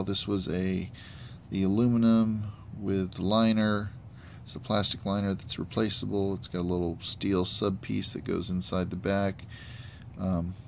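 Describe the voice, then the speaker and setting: Low, gravelly man reviewing gear. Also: a little hiss or hum. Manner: halting, many fillers, matter-of-fact. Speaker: gun hobbyist reviewer. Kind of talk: casual product review vlog. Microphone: handheld camera mic.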